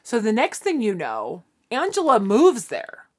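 A woman's voice: a little high, measured pace, slightly rough. A woman co-hosting a podcast, chatting casually and acting out characters' lines as she retells a sitcom plot. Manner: animated, acts out characters' lines while retelling. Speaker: podcast co-host. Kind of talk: casual chat recapping a sitcom.

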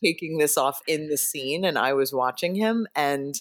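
Deep-voiced woman telling a lively story. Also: normal speed. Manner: animated storyteller, laughing, acting out quotes. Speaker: hair designer. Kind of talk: casual anecdote.

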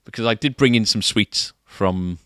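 A man's voice: lowish voice, normal speed, bright, forceful tone, no room sound, clean studio sound. A man co-hosting a casual shop podcast, chatty and rambling, laughing easily. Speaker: podcast co-host, guitar shop staff. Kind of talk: casual chat.

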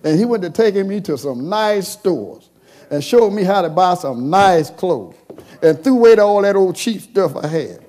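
A pastor preaches in a high, lively voice that leaps up and down. He moves between quiet, drawn-out passages and sudden shouted calls to the church. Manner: call-and-response preaching, swings from soft to shouting. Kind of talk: sermon.

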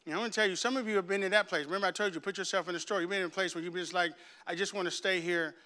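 Man, pastor, sermon testimony, very bright tone, smooth clear voice, hushed then loud preaching. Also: high-pitched, steady tone, very fast. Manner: speaks straight to viewers and congregation.

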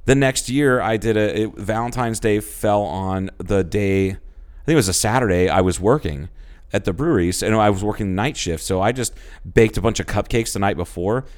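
A man's voice: fairly low pitch, brisk. A man in his thirties, a podcast co-host, telling rambling stories in casual chat, swearing freely and acting out quotes. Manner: loose storytelling, swears freely, acts out quotes.

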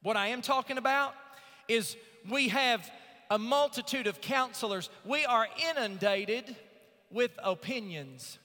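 A pastor preaches a sermon from the pulpit in a high, bright, cutting voice, reading scripture slowly and drawn out before rising into loud, emphatic swells. Long reverb from the church sanctuary lingers behind him.

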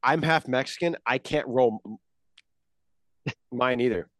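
A man's voice: medium pitch, slow pace, a bit bright, no echo. A man guesting on a movie podcast, joking and nitpicking in casual chat.

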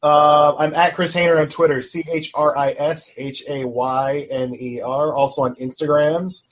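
A man is a guest on a casual podcast, and his voice sits slightly high. He drops short, offhand quips into the conversation. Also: steady tone, moderate pace, low-quality recording.

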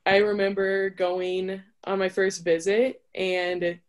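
A young adult woman who plays college volleyball tells her story as an interview guest, chatty and casual, peppering it with "like." Her voice is medium in pitch, slow and flatly delivered.

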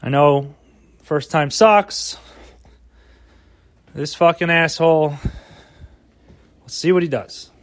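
A man's voice: fairly high pitch, fairly even intonation, slow, long pauses, no room sound. A man hosting a solo podcast, rambling casually with lots of swearing and mock pep talk, recorded outdoors. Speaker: podcast host.

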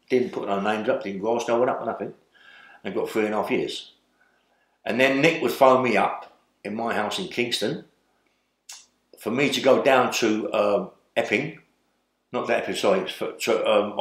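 Rambling older Londoner telling a story. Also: male voice, fairly low pitch, reverberant. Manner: rambling, tag questions like "yeah?". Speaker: interview guest. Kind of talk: storytelling in a sit-down interview.

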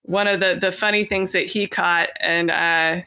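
Chatty woman from california, bright voice, lots of ums and laughs, guest on a podcast. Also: on the low side, fairly even intonation, moderate pace. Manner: chatty, laughing, many fillers and restarts. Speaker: author guest. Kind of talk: casual interview chat.

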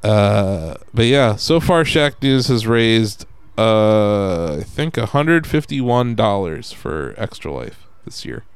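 A man with a lower voice and a lively, swinging delivery hosts a casual podcast. His voice is smooth and clear, recorded close and dry. He talks in an animated way and swears freely when frustrated. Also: slow pace, few pauses, no room sound. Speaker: podcast host.

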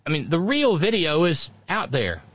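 A man's voice: on the high side, huge pitch swings, moderate pace, fairly bright tone, no echo, dull audio. A man giving opinionated political commentary, sarcastic and scornful, calling his opponents names.

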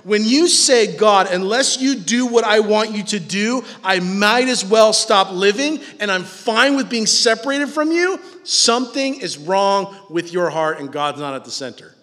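High-voiced pastor preaching in a reverberant hall. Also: male voice, measured pace, few pauses. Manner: animated, casual, acts out quoted voices. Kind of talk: sermon. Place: church hall with live audience.

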